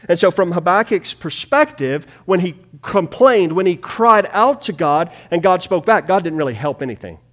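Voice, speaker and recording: A man preaching a sermon to a small congregation in a room, swinging between hushed and loud delivery. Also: high-pitched, lively intonation, moderate pace, hardly any pauses. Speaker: pastor.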